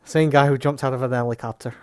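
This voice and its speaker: A man co-hosting a casual podcast chat while watching wrestling, blunt and quick to swear. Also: medium pitch, fairly even intonation, smooth. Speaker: podcast co-host.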